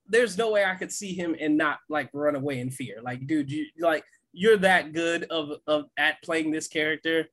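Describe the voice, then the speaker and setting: A man with a somewhat high, husky voice co-hosts a podcast. He rambles in an excitable, casual way, packed with fillers and restarts. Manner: excited, laughs often, many fillers and restarts. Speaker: podcast co-host. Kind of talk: casual chat.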